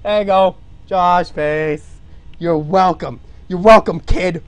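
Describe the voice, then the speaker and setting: A young man casually chatting on a live game stream, goofy with loud self-amused outbursts. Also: high-pitched, takes it slowly.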